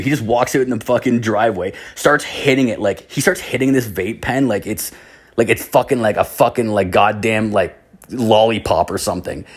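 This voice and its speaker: A man's voice: medium pitch, breathy edge. A young man casually telling a rambling story, swearing constantly and acting out other people's voices.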